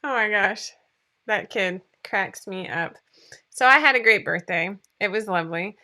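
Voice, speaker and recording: A woman's voice: mid-range voice, unhurried, bright, forceful tone. A woman in her forties hosting a casual livestream chat from home, rambling and laughing often, sometimes teary. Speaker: livestream host.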